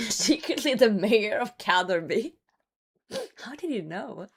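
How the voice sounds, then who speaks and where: A woman streamer chatting casually with her viewers and reading their messages aloud, her voice worn and hoarse from a cold. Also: medium pitch, expressive, slow. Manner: loose and chatty, swears, reads chat aloud and laughs. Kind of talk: casual livestream chat.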